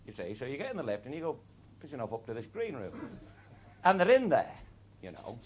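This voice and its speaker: A man's voice: medium pitch, wildly swooping pitch, brisk, long pauses. A man telling a comic anecdote in an earthy way, swearing freely and chuckling through his punchlines. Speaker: raconteur.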